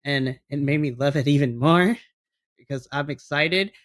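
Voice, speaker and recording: A man co-hosting a wrestling podcast, excitedly recapping the show in casual chat. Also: a little high, normal speed. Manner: enthusiastic, recaps events, mimics wrestlers. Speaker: podcast co-host.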